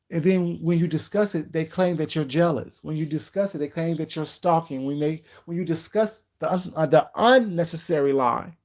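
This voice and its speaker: A man gives casual live-stream commentary in a fairly high-pitched voice with a darkish tone. Sassy and emphatic, he greets his chat and leans on slow, repeated rhetorical questions.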